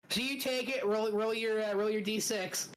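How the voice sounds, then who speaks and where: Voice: mid-range voice, slight background noise, low-quality recording. A dungeon master running a casual tabletop game, playful and laughing at the players' bad luck, breaking into monster growls.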